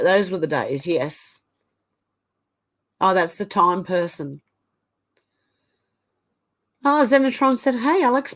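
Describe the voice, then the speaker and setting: Aussie lady reading out her live chat, bit of a flu cough, chatty, middle-aged. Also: mid-range voice. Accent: Australian. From Australia. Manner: reads viewer comments aloud and reacts, chatty with fillers. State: getting over the flu, coughing. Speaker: live stream host.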